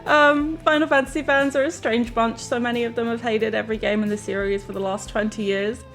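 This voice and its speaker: A woman's voice: fairly high pitch, steady tone, brisk, a bit bright, soft background music. A woman streamer chatting live to viewers in a giggly, emotional way, often laughing through tears. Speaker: game streamer.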